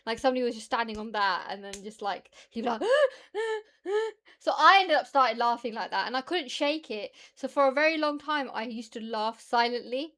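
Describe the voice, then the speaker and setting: Chatty british woman on stream, bright voice kinda high, rambles and giggles a lot. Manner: chatty, rambling, quick laughs. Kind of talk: casual chat reacting to chat.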